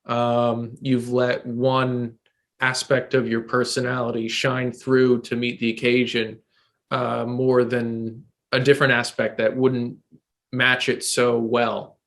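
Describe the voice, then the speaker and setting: Male co-host, mid-pitched, thinks aloud with ums and restarts. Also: monotone, slow, a bit bright. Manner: searching, filler-heavy explaining. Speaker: podcast co-host. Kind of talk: casual chat.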